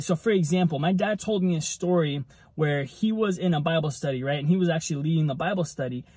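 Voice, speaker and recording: A man's voice: sits high, dark tone, breathy edge, no echo. A man giving a casual devotional teaching, talking conversationally and tagging nearly every point with "right?". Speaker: ministry preacher.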